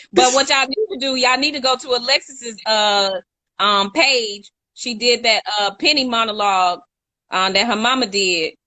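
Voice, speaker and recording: A woman's voice: a little high, steady tone, measured pace, long pauses, pushed and bright, no room sound. A young woman co-hosting a casual live chat, talkative and laughing, reading out viewer comments. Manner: chatty, laughs often, reads out viewer comments. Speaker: co-host.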